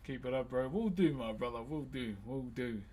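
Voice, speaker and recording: A man's voice: medium pitch, moderate pace, darkish tone, a little hiss or hum. A man who carves wood on a live stream, chatting in a laid-back way and calling viewers "bro". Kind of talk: casual live-stream chat.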